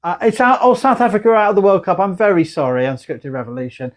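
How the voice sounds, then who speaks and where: A tired man hosting a casual online chat, rambling and restarting his sentences on a video call. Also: sits high. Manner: rambling, halting, full of restarts. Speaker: host.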